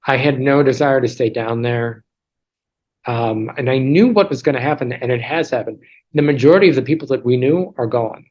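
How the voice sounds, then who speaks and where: A medium-pitched, slightly mellow male voice at a moderate pace belongs to an interview guest in his 30s. He jokes around and runs down himself while telling casual stories over a video call, restarting often and drifting into asides, on a rough recording.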